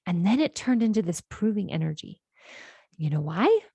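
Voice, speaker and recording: A woman's voice: on the low side, very animated, moderate pace, vocal fry, dark tone, husky, dry recording. A woman life coach hosting a podcast, explaining ideas in an earnest, conversational monologue and often checking in with "right?".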